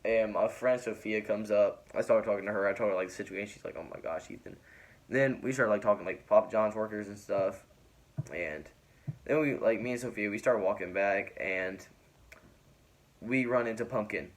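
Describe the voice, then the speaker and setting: A man's voice: on the low side, normal speed. A young man telling a personal story in casual vlog style, rambling with many fillers and laughing often. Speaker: vlogger.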